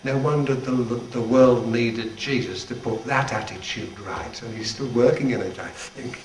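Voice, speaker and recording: A man's voice: mid-range voice, unhurried. An older man, a retired church leader, giving an informal, humorous devotional talk with chuckling asides to a band at practice. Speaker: retired Salvation Army general leading devotions. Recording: echoey, distant, noisy room recording.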